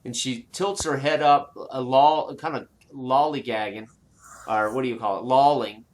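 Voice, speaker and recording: Hesitant male game master narrating. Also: medium pitch. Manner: halting, many fillers and restarts while narrating.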